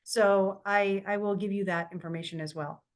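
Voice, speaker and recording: A woman's voice: medium pitch, fairly even intonation, moderate pace. A woman co-hosting a casual podcast, speaking earnestly and with heartfelt emphasis. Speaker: podcast co-host, astrologer.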